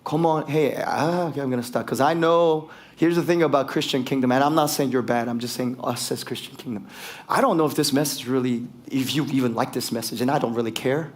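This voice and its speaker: A man preaching a sermon as pastor, switching between English and Korean and growing fired up, rising to shouts for emphasis. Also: mid-range voice, a little fast. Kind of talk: bilingual sermon.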